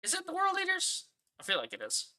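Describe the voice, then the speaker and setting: A man's voice: very high voice, wildly swooping pitch, fast talker, bright, forceful tone. A man streaming a game and chatting casually, laid-back, laughing and swearing as he reacts. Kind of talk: casual gaming reaction chat.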